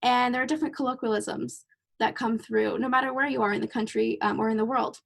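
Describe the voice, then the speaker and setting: A woman's voice: on the high side, fairly even intonation, quick pace, vocal fry. A woman host and clinician in a casual podcast conversation, a chatty storyteller who laughs easily.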